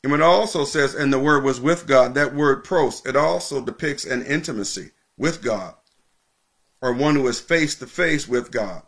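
A male pastor preaching a sermon, teaching with emphatic repetition and slowing down to stress key points. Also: mid-range voice, a bit bright.

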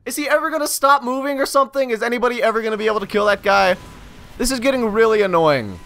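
A man giving live gameplay commentary, frustrated and ranting, sometimes breaking into loud shouts. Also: extremely high pitch, quick pace. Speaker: gamer recording gameplay commentary.

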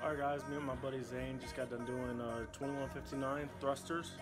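A man in casual chat to the camera, recapping his gym workout in a relaxed, offhand way. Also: medium pitch, fairly quick. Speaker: vlogger. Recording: loud gym music behind.

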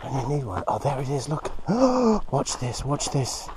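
A man chats outdoors at a quarry, so worked up that his voice keeps dropping into breathy, gasping whispers. His pitch sits mid-range for a man, and a faint hiss lies beneath him. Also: fairly even intonation, normal speed, a little mellow. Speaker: host, moldavite hunter. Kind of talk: casual vlog chat.

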